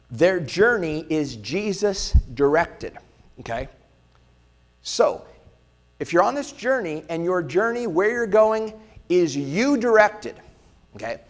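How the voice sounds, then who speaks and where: A male pastor preaching a conversational sermon who keeps checking in with the congregation and acts out the quoted lines in little voices. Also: sits high.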